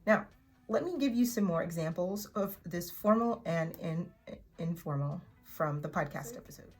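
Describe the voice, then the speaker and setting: A woman teaching an English vocabulary lesson in a chatty way, repeating words slowly for learners to echo. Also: lowish voice, expressive, faint music behind. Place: in Oklahoma.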